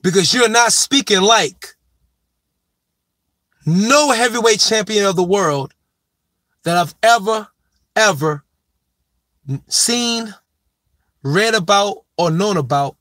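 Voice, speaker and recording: A man's voice: high-pitched, expressive, slow pace, pauses often, sharp tone, no echo. A man giving a profane, emphatic sports opinion monologue, lecturing his subject and hammering his point home by repeating it. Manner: repeats his main point with heavy stress. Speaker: sports commentator.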